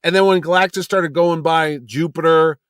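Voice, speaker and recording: A man with a slightly high voice talking in a casual podcast, animated and blunt as he tells his stories. His speech is crude and full of swearing. The sound is dry and close. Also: normal speed, clear, resonant tone, no room sound. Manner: animated storytelling, blunt and profane.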